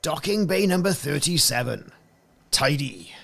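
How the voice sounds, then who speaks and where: A man voicing a Welsh space-station docking controller with a slow, formal announcer delivery. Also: on the high side, sing-song, creaky, fairly bright tone, heavily acted. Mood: officious. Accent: Welsh, put on.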